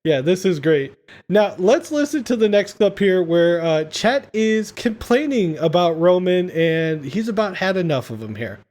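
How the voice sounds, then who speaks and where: A man's voice: high-pitched, big pitch swings, a little slow, a little mellow. A man hosting a podcast, casually retelling film scenes with enthusiasm. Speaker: podcast host. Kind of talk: casual film-recap chat.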